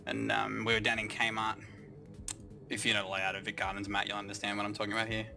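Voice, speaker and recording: A man's voice: fairly low pitch, level tone, fast talker, creaky, pushed and bright, soft background music. A young Australian man telling a rambling comic story, swearing constantly and puffing up small events with mock-grand exaggeration.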